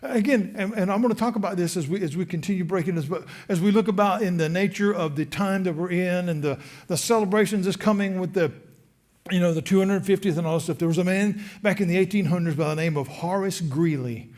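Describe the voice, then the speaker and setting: A man with a Southern American accent preaching a sermon in a church, animated, acting out the crowd's indignant replies. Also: high-pitched, fast talker. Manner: animated, acts out voices of the crowd. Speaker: pastor. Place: church sanctuary.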